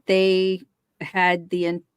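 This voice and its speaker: A woman's voice: lowish voice, monotone, extremely slow, clear, resonant tone, no room sound, studio quality. A woman co-hosting a podcast, asking supportive, affirming questions. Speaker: podcast co-host. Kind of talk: interview on a podcast.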